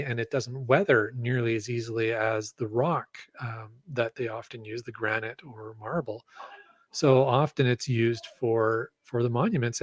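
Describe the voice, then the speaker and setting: A man's voice: medium pitch, dry recording. Man rambling with many ums. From Canada. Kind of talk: casual podcast chat.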